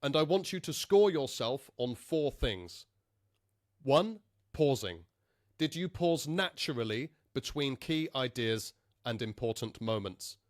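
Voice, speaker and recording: Calm man coaching speaking skills, dry mic. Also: medium pitch, no echo. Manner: calm, deliberate, with clear emphasis on key words. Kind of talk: direct-to-camera teaching.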